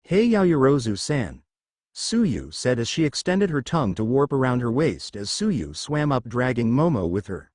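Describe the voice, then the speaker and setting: A man reading a fan story aloud in an animated storytelling manner on a close mic. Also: mid-range voice, moderate pace, few pauses, dry recording. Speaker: fanfic narrator.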